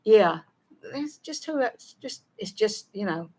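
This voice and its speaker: Her medium-pitched voice is a little mellow and slightly rough, with lively intonation, and she takes her time. She's a middle-aged Southern American co-host, chatting in a folksy way about viewer comments, laughing a lot and slurring words together.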